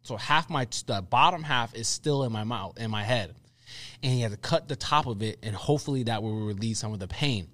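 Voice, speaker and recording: Young man, podcast co-host, animated storyteller, repeats lines for emphasis, dry close sound. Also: medium pitch, brisk, dry recording. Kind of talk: casual chat.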